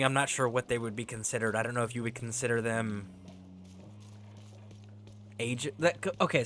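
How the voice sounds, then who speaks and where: A male game streamer talking to his chat in a relaxed, rambling way. He laughs often, swears freely, and slips into storytelling between bits of gameplay. His voice sits at an ordinary, middle pitch. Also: a little hiss or hum.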